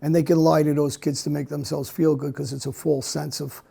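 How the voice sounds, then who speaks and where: Gravelly, husky-voiced man, blunt. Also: on the high side, little pitch movement, warm tone. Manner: blunt, halting speech with many restarts. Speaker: interview guest. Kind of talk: candid conversational interview.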